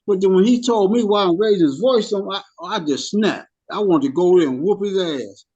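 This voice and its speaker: A man's voice: high voice, normal speed, a little mellow, husky, dull audio. A middle-aged man who spent time in prison, sharing a heated story in a support group and often stammering and restarting his sentences. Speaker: formerly incarcerated group member.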